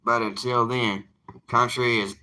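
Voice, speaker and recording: A man's voice: mid-range voice, flat delivery, a little slow, bright, forceful tone. A young man, an evangelist talking casually to his livestream viewers in an earnest, plainspoken, defiant way.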